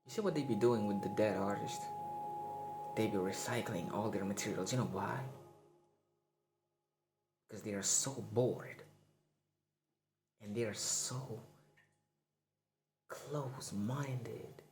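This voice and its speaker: A man preaching to artists in a slow, deliberate, lower voice, slangy and fired up, sometimes sinking to a near whisper. His speech sits in a roomy, echoing space with loud music playing underneath. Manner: impassioned, preachy, slangy, swings to hushed whispers. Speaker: artist giving a motivational rant. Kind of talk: spoken motivational monologue.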